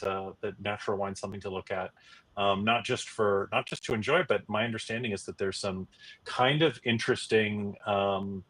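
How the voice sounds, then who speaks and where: A man's voice: on the low side, a bit bright. A middle-aged man hosting a casual live stream, talking loosely with many fillers and restarts. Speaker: host.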